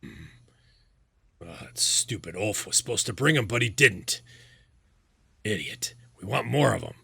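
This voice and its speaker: A gravelly, crude orc prisoner, put on by a man running a tabletop game. He sneers and insults his captors in a husky, bright-edged voice. The sound is dry and close. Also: fairly low pitch, animated, a little slow, dry recording, heavily acted. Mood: scornful. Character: hostile captured male orc warrior.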